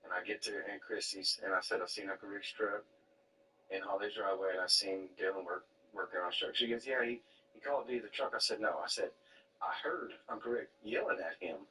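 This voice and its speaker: Man, casual chat, low pitch, bright tone, off-mic. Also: fairly even intonation, a little fast, far from the mic, poor audio. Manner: laid-back anecdotes, swears.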